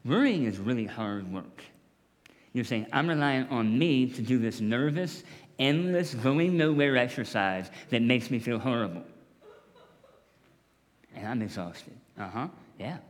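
A man's voice: mid-range voice, measured pace, in a large hall. A man preaching a sermon to his congregation in a joking, conversational way, speaking to them directly. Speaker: pastor.

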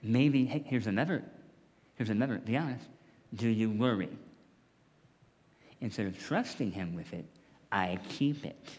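A man's voice: fairly low pitch, a little slow, long pauses, a little mellow, long reverb tail. A man preaching a sermon to his congregation in a joking, conversational way, speaking to them directly. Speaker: pastor.

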